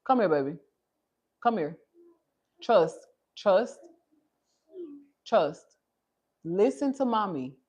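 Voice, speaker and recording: A woman hosting a casual livestream from home, her throat a little scratchy from a cold, chatting with viewers as "y'all" while she gently corrects her small child. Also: medium pitch, very animated, a little slow, long pauses, slightly rough. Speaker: livestream host.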